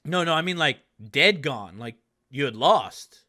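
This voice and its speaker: A wary, weary sibling speaking in halting, hushed phrases , as a man voices him. The tone is bright and a little raised. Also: fairly high pitch, expressive. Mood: uneasy.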